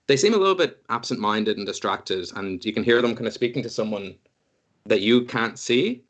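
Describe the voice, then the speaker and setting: A man narrating a tabletop game as game master, rambling and laughing often. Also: medium pitch.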